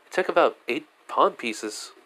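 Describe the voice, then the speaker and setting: A man reading as a calm young woman leader. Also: mid-range voice, unhurried, pitched above the performer's own voice. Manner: plain reading of her lines, no real voice change.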